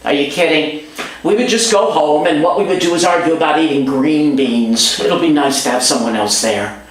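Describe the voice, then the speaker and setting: A woman telling a story aloud in a lively performed style, switching voices for her characters. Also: moderate pace, very echoey, rough recording. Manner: animated, voices many characters with big pitch jumps.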